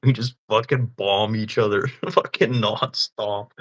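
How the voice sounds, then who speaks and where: A man's voice: on the low side, slow pace, dry recording, poor audio. A man chatting casually on a livestream, often swearing, laughing and teasing. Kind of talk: casual live-stream chat.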